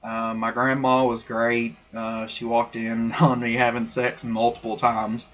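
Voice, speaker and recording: This vlogger, a young man, talks to his laptop webcam and mic in a mid-range, fairly bright voice. He stays monotone and measured while recounting a personal story in a loose, candid way, with frequent fillers and false starts.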